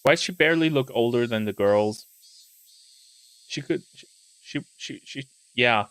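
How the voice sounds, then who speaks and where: A man's voice: mid-range voice, unhurried, fairly bright tone, smooth. Rambling man streamer. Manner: rambling, self-interrupting. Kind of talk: live-stream chat while reading a game aloud.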